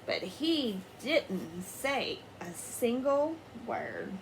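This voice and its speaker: A woman teacher reading a picture book aloud to children in an expressive way, pausing to ask them questions. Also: fairly high pitch, slight background noise. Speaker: elementary school teacher. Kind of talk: children's story read-aloud.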